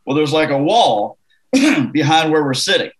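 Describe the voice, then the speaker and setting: Animated Canadian-raised man telling stories. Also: fairly high pitch, measured pace, rough recording. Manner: animated, laughing anecdote teller. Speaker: country musician guest. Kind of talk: casual interview storytelling.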